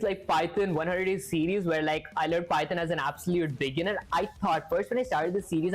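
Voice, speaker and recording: A chatty woman with a slightly low voice hosts a casual live stream while she works through code. She thinks aloud, giggles often and answers her viewers as she goes. Soft music plays faintly behind her.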